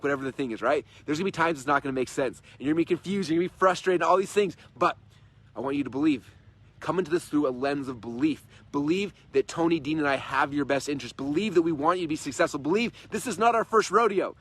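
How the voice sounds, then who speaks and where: A man in his thirties giving an energetic, repetitive, persuasive motivational talk on a livestream from his in-laws' home. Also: a little high, slightly rough. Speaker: host and coach.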